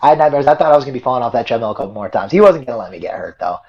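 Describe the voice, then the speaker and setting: A man's voice: medium pitch, lively intonation, very fast. A young man, a wrestler guest, telling a story casually and rambling, with many fillers and repeated words. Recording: dull lo-fi audio.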